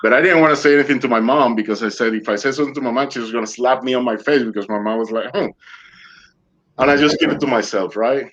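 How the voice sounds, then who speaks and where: A man's voice: medium pitch, rapid-fire, hardly any pauses, muffled recording. A man being interviewed online, telling his own story in non-native English and acting out other people's words. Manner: animated, acts out dialogue in other voices. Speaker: interview guest. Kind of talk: personal storytelling.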